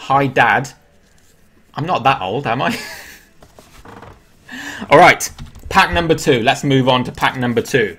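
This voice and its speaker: An Englishman hosting a live stream, talking in a loose, chatty way at an ordinary middle pitch. He answers viewers' questions aloud as he goes and laughs easily at himself. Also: expressive, measured pace, pauses often, fairly bright tone, husky. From England. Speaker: livestream host. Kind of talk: casual live-stream chat.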